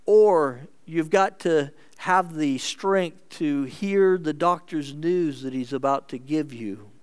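A man preaching a sermon as pastor, earnest and measured, moving between emphatic lines and hushed ones. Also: on the high side, smooth.

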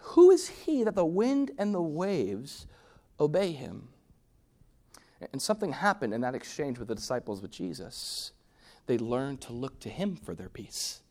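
A man preaching a sermon, swinging from loud, emphatic peaks to hushed, near-whispered lines. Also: fairly high pitch. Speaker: pastor.

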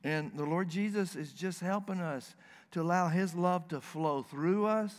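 Guy preaching in a church, kinda high voice, folksy stories, long echo off the hall. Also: measured pace. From Southern United States. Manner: folksy storytelling, earnest. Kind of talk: sermon. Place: church sanctuary.

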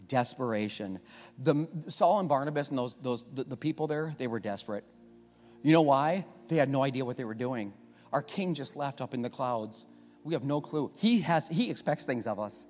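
A male pastor preaching a sermon, swinging from hushed asides to loud, repeated calls. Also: on the high side, animated, moderate pace, soft background music. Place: church sanctuary. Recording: long reverb of a church hall.

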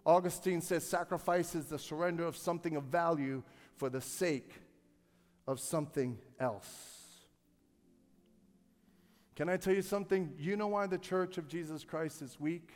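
Man, pastor, sermon, high-pitched, call-and-response with the congregation, long hall reverb. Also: unhurried, long pauses. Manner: builds from low, quiet storytelling to loud, shouted peaks. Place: church sanctuary.

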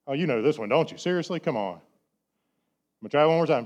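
A pastor preaching a sermon, chatty and full of rhetorical questions, slowing down to stress key words. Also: male voice, on the high side, lively intonation.

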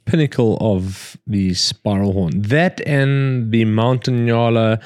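A man's voice: lowish voice, slow pace, a little mellow, clean tone, no echo, studio quality. Man, blunt and joking. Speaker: safari hunting outfitter. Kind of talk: casual chat.

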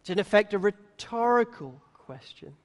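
A man's voice: high-pitched, expressive, normal speed. Guy preaching a sermon, acts out the disciples' lines, echoey hall. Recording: long hall reverb.

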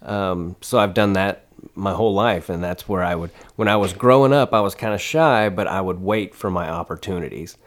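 A man's voice: deep voice, moderate pace. A man, a stand-up comedian, telling loose stories in casual chat, laughing and swearing as he rambles. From United States. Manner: rambling, laughing, swears often, many restarts.

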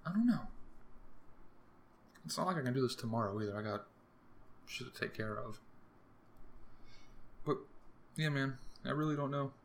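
A man's voice: medium pitch, lively intonation, normal speed, vocal fry, long pauses, slight background noise. A young man hosting a solo podcast, rambling casually with crude jokes. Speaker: podcast host.

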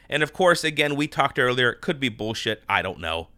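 A man's voice: medium pitch, very animated, a little fast, sharp tone, no room sound. A male podcast host chatting casually, telling a long anecdote with restarts and quoted exchanges. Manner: rambling storyteller with many restarts and quoted dialogue. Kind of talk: casual chat.

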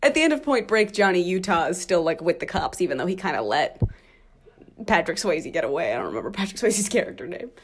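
A woman co-hosting a podcast, chatting casually about a movie, laughing often and talking in an animated way. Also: on the low side, fast, slight background noise. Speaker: podcast co-host.

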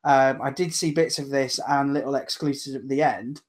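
A man recapping matches in casual chat, hesitant with many pauses and ums. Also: medium pitch, fairly even intonation. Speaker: podcast co-host.

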